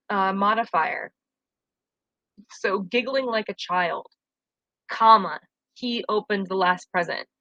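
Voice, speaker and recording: A woman's voice: mid-range voice, fairly bright tone, no echo, dull audio. A young woman teacher giving a casual, friendly recorded grammar lesson to her students. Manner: friendly, explanatory, casual fillers.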